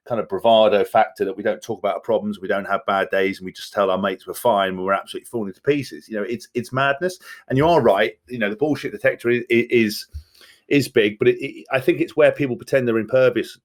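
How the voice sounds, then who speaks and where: Blunt fast-talking man. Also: on the low side. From England. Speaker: podcast guest, former rugby player. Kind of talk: candid podcast conversation.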